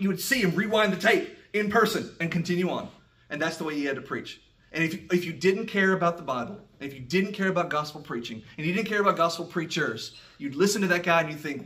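A man teaching a Bible class in an animated, emphatic way, often raising his voice for effect. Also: fairly high pitch, fairly quick, distant mic.

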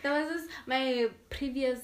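A woman's voice: sits high, fairly even intonation, unhurried, slight background noise. A young woman in casual chat as a podcast guest, talking openly and expressively with frequent restarts and laughs. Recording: echoey room, distant from mic.

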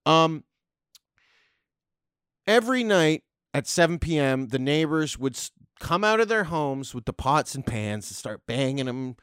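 A man's voice: medium pitch, very animated, moderate pace, few pauses, a bit bright, clean tone, no room sound, studio quality. A man in his thirties hosting a podcast, delivering a profane, sarcastic, rambling comedic rant monologue. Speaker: podcast host.

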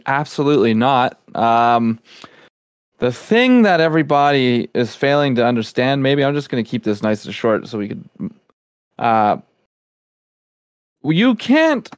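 A man's voice: mid-range voice, sing-song, measured pace, long pauses, clean tone, dry recording, clean studio sound. A man co-hosting a casual podcast chat, giving firm, emphatic opinions. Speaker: podcast co-host.

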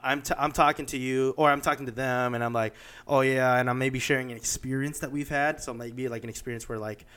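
A man co-hosting a podcast in a loose, casual chat. He rambles, restarts sentences and leans on fillers as he talks an idea through with examples. His pitch sits in an ordinary middle range. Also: fairly even intonation, fast talker, few pauses, sharp tone, smooth. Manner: explains with examples. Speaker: podcast co-host.

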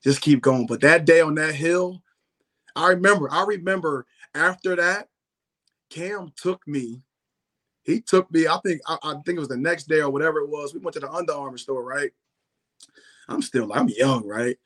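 A young man, a former football player, telling stories in a slangy, animated way, saying "bro" and "yo" constantly. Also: a little high, normal speed. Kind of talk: casual storytelling chat.

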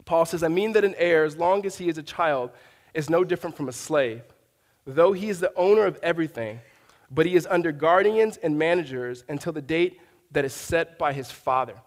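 Preaching as a pastor, this man keeps a conversational tone, often restarting sentences and drifting into storytelling asides. His voice is fairly high and a little fast, and the recording has a big-room sound.

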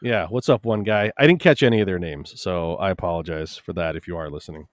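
A man on a casual podcast telling stories from his shop, animated and talkative, swearing casually. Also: fast talker, no room sound, studio quality. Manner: animated storyteller, swearing casually, lively rises in pitch. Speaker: podcast co-host, shop owner.

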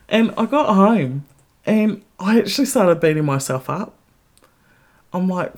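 A woman hosting a podcast who tells a story in a casual monologue, blunt, candid and full of swearing, and grows more animated as she goes. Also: slow, pauses often. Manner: blunt, heavily profane, candid; animated retelling with rising pitch. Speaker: podcast host.

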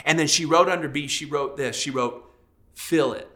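A man in his thirties, a pastor, preaching a sermon and telling a personal story in a lively storytelling way. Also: on the high side, moderate pace. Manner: storytelling, animated, acts out quoted voices.

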